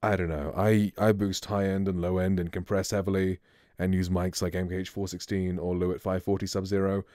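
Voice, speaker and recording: A man's voice: deep voice, little pitch movement, fairly quick, darkish tone, no echo. A man streamer giving a casual, rambling microphone review, speaking close to a studio mic at his home streaming setup. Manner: laid-back, rambling.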